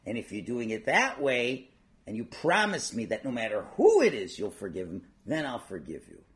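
A man playing a humble older rabbi who speaks quietly, low and firm. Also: wildly swooping pitch, moderate pace. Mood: instructive.

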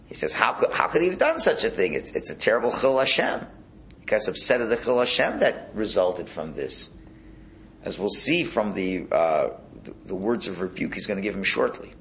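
A man's voice: mid-range voice, a bit bright. A man teaching a Torah class as a rabbi, talking in a conversational way and asking the room rhetorical questions.

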